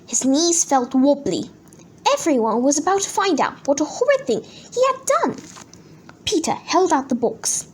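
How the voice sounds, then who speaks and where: Woman, children's book read-aloud, high voice, lively sing-song delivery. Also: a little slow. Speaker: storybook reader.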